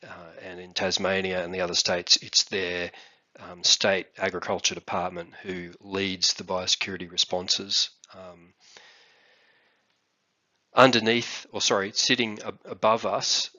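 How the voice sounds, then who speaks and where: A hoarse Australian man gives a presentation, pausing often with fillers between phrases. His voice sits very low and has a hard, bright edge. The recording sounds dull and lo-fi. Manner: halting, many fillers. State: hoarse, recovering from illness. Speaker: biosecurity response coordinator.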